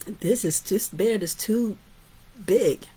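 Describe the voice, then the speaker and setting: A woman's voice: mid-range voice, takes it slowly, dark tone, slightly rough. A woman voicing a curious, picky little girl in a retold fairy tale. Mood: fussy.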